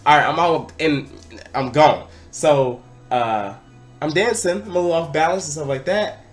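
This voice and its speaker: Animated young man telling a wild story. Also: fairly high pitch, normal speed, soft background music. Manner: animated, excitable, breaks into loud acted-out quotes. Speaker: vlogger. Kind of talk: casual storytelling to camera.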